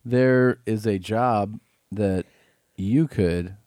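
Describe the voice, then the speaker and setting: A man's voice: lowish voice, extremely slow, darkish tone, no room sound. A man co-hosting a comedy podcast, chatting casually in a laid-back, drawling way and reading listener messages aloud. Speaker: podcast co-host.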